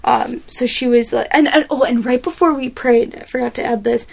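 A woman guest telling a lively personal story in a podcast interview, with lots of fillers and acted-out quotes. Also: a little high, fairly quick, gravelly, husky. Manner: animated storyteller, many fillers and quoted asides.

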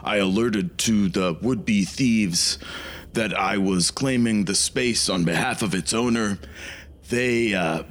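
Earnest holy warrior, voiced by a man, low and unhurried, courtly manners. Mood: contrite. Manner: formal, slow and solemn. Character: pious earnest male paladin, formal and apologetic.

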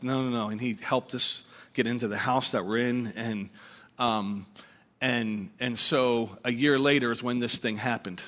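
A man's voice: mid-range voice, fairly bright tone. A man in his forties, a pastor giving a sermon in an earnest, conversational storytelling way with frequent restarts. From Pennsylvania. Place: church service.

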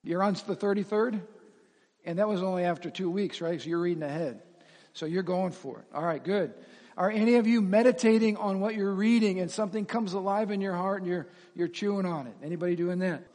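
A man preaching as pastor to his congregation, animated, asking them questions and laughing at himself. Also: sits high, a little fast. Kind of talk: sermon. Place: church sanctuary with reverb. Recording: long hall reverb.

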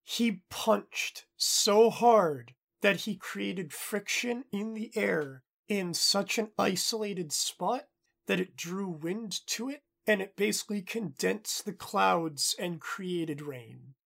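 Gravelly, husky man in casual chat. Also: sits high, takes it slowly. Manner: relaxed, swears casually, explains at length. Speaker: podcast co-host.

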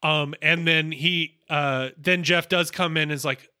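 A man co-hosting a podcast, chatting casually about a TV episode and agreeably adding quick asides. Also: on the high side, fairly even intonation, bright, forceful tone, clean tone. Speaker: podcast co-host. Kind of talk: casual chat recapping a TV episode.

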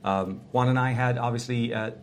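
A man's voice: medium pitch, fairly even intonation, normal speed, slight background noise. A man co-hosting a casual tech podcast from a small hotel room, rambling and restarting with lots of fillers. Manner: rambling, restarts often, many "um"s. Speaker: podcast co-host.

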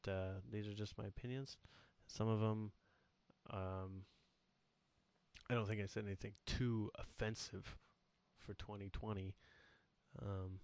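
Rambling low-voiced young man, smooth and dry. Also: darkish tone, no room sound. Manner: rambling, self-deprecating, goofy. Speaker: podcast host. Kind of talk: casual solo sign-off chat.

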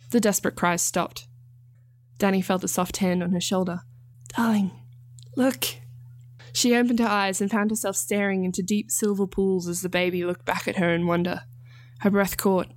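A woman, the author, reading her own story aloud in calm, measured narration. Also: mid-range voice. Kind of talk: scripted narration.

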